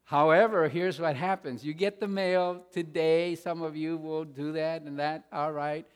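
A man preaching a sermon as pastor, stressing points loudly and then dropping to quiet asides. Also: a little high, fairly even intonation, a little slow, smooth. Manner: emphatic, swings between loud stresses and quiet asides. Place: church sanctuary. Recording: long reverb of a large hall.

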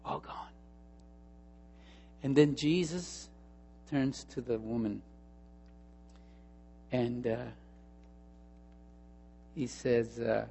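A male pastor preaches at a slow, deliberate pace, dropping to hushed asides and then pressing his points through repetition. His voice rings with the long reverb of a church hall. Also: mid-range voice, creaky, a little hiss or hum. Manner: storytelling, swinging between hushed asides and emphatic repetition. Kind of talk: sermon.

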